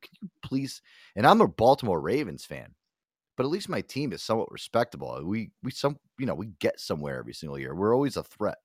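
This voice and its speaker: Casting: low-voiced young male host, very expressive pitch, dry close-mic sound, swears a lot. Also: husky, no room sound. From Connecticut. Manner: animated, swears a lot, acts out other voices. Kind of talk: casual chat.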